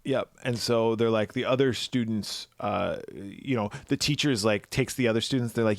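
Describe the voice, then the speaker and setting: A man co-hosting a podcast, retelling a movie plot in casual chat, swearing freely and dropping quick voiced asides. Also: lowish voice, no room sound. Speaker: podcast co-host.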